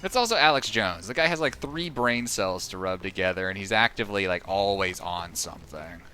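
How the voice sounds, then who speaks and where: A man's voice: low-pitched, brisk, pushed and bright, slight background noise. A man live-streaming a video game, chatting casually with viewers, sarcastic and often swearing at the game. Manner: sarcastic, profane, rambling asides to chat. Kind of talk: casual gaming commentary. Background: game music and sound effects.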